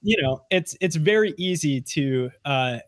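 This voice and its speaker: A man who is a guest on a podcast, chatting casually in an animated, rambling way with many restarts. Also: fairly high pitch, unhurried, no echo. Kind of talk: casual conversational interview.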